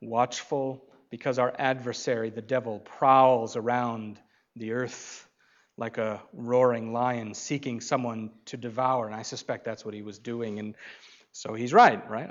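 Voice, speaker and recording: Male preacher, expository sermon, unhurried, emphatic, loud declarations, quiet asides, muffled lo-fi sound. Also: mid-range voice, steady tone.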